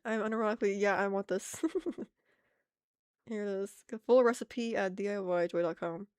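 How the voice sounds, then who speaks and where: A woman's voice: medium pitch, moderate pace, a little mellow, clear, resonant tone, no echo, clean studio sound. An American woman streaming her art, chatting casually with viewers in a rambling way and laughing often. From United States.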